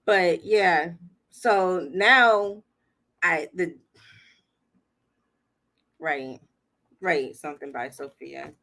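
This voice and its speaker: This livestream host has a lowish, sharp-toned voice and talks extremely slowly, pausing often. Still, she tells her story casually, chatting away, laughing frequently, and performing other people's lines.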